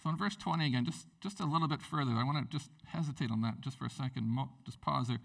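Animated male preacher, gravelly and bright. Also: fast talker, hardly any pauses, recorded from a distance, low-quality recording. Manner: animated, rambling, jumps pitch for emphasis. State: tired. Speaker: pastor. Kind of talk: sermon.

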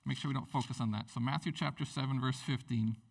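A tired man preaching a sermon in an animated, rambling way, jumping up in pitch to stress his points. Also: fast talker, creaky, far from the mic, low-quality recording. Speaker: pastor.

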